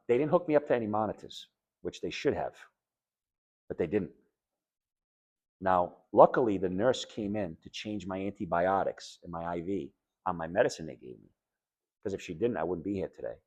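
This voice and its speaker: A middle-aged man with a New England accent speaks at a normal speed in a low voice, pausing often, and the recording has its highs cut off. He gives an audience a candid account of being a patient, blunt, emphatic and conversational, quoting others in animated voices.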